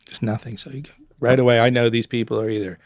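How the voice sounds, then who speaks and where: A middle-aged man with a gravelly, fry-edged voice talks casually as a podcast guest, recorded close and dry with no room around him. He tells restaurant stories with energy and slips into quick voices for customers and servers. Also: medium pitch, no room sound. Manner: animated storyteller, acts out customers and staff. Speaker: guest, former pub owner.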